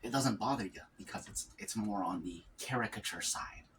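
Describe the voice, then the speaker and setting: A man with a fairly low voice chats while he eats, rambling from thought to thought and musing aloud. He sits some way back from the microphone. A faint ambient noise hangs behind him. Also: moderate pace, fairly bright tone, recorded from a distance. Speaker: mukbang vlogger. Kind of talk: casual mukbang chat.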